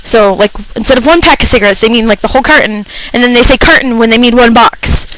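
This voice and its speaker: Young woman ranting about customers, swears a lot, kinda high voice, exasperated. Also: quick pace, fairly bright tone, rough recording. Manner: exasperated, profane, acts out customers. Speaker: radio show personality. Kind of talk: comedic rant.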